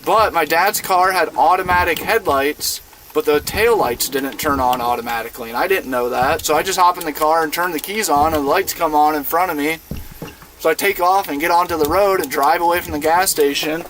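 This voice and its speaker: A man's voice: a little high, a little fast, fairly bright tone, slight background noise. A man in his twenties from Iowa, telling a rambling, profane story in casual chat while streaming a game. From Iowa, USA. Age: 20s. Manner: laid-back, profane, rambling with lots of fillers. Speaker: gaming streamer. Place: inside a van.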